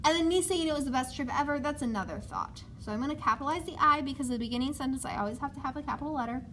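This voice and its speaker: A woman's voice: high voice, rapid-fire, a bit bright, slight background noise. A young woman teaching a writing lesson step by step, often checking in with "okay?".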